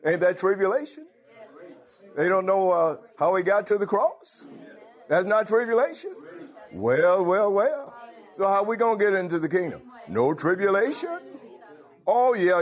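Rhetorical questions fly as a man delivers a sermon, moving between quiet murmurs and loud outbursts with chuckles in between. The recording sounds muffled.

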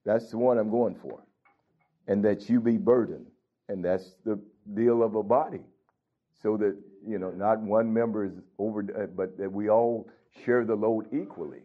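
A man's voice: lowish voice, steady tone, normal speed. A man preaching a sermon as pastor, reading scripture and bluntly scolding his congregation. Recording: dull lo-fi recording.

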